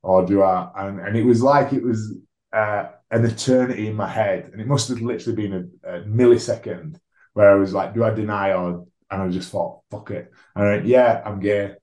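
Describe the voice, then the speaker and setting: A man's voice: fairly low pitch, fairly even intonation, brisk, darkish tone. A man, a rugby league player telling his own story as a podcast guest, frank and self-deprecating, swearing freely. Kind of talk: candid conversational storytelling. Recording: roomy echo.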